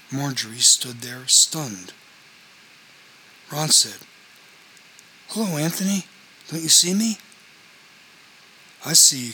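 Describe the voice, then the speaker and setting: A man narrating a novel as scripted audiobook reading, in a measured, even storytelling manner. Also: mid-range voice, slight background noise, low-quality recording.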